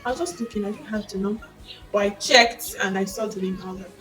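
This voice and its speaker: A young woman in her twenties with a Nigerian accent, telling a personal faith testimony in a casual, expressive storytelling way with excited exclamations. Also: medium pitch, fast, recorded from a distance, rough recording. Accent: Nigerian English. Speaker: vlogger sharing a faith testimony. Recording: mic set back with faint background music.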